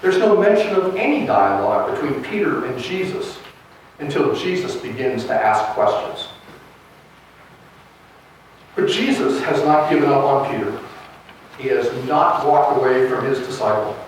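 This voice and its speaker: A man's voice: mid-range voice, expressive, normal speed, pauses often, slight background noise. A man preaching a sermon as pastor, retelling a gospel story in a storytelling way. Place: church sanctuary. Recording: echoey church from a distance.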